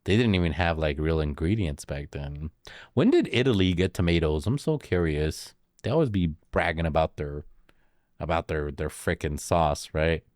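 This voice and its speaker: Slow, low-voiced joking male streamer. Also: no room sound, clean studio sound. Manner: jokey, slangy banter with frequent laughs. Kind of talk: casual stream chat reacting to chat.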